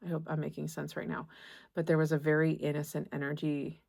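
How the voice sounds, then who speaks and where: A young woman giving a tarot reading to camera, gentle and reassuring, halting often and restarting her phrases. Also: deep voice, completely flat delivery, vocal fry. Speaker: tarot reader.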